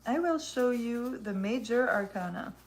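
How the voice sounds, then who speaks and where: A woman's voice: fairly high pitch, animated, a little slow, a little hiss or hum. Chatty woman streaming. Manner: chatty and rambling, reacting to viewer comments. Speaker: live streamer reviewing a tarot deck. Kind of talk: casual live-stream chat.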